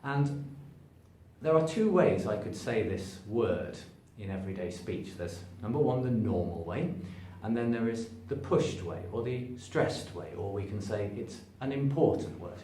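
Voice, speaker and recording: 英語の発音を教える男性、低めの声、反響する部屋. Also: male voice, measured pace. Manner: demonstrates stress by stretching words, lively shifts in pitch. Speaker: English pronunciation teacher. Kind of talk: spoken English lesson to camera. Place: room standing before a sign. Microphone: camera at a distance, moving toward and away from it. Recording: echoey room, voice from a distance, faint background noise.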